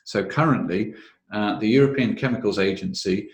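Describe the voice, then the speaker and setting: A man speaks in a fairly low voice, explaining rules patiently and methodically. He pauses often with "uh" fillers. The sound carries a noticeable room echo. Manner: measured, methodical, frequent "uh" fillers. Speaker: webinar presenter on health and safety law. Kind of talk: explanatory webinar talk.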